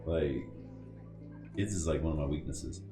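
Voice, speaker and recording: Deep-voiced man casually narrating gameplay. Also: a little slow, warm tone. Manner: laid-back, thinking aloud, cussing when annoyed. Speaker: gaming channel host. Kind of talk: casual game commentary and reading game text. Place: home room at a computer. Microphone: boom mic. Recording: echoey room with game music.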